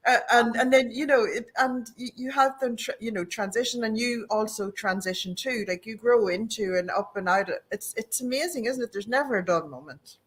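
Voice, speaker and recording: A woman's voice: a little high, normal speed, few pauses, slightly rough. A woman hosting a casual interview, encouraging her guest with supportive remarks. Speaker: interview host.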